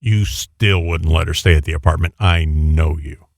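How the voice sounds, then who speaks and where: A man's voice: a bass voice, normal speed, creaky, no room sound, studio quality. A man co-hosting a casual talk show, making his points in an emphatic, insistent way. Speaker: co-host. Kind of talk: casual chat.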